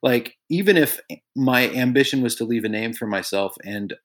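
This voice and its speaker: A man's voice: mid-range voice, lively intonation, moderate pace. A middle-aged man speaks as a podcast guest, earnest and reflective as he tells personal stories. He livens up when he quotes other people, then settles back into a thoughtful, conversational tone. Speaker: guest, songwriter and author. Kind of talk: conversational storytelling.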